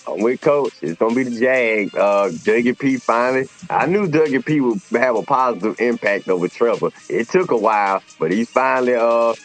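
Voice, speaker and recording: A man co-hosting a casual sports talk show, animated and opinionated, with slangy phrasing. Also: medium pitch, normal speed, few pauses, soft background music. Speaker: co-host.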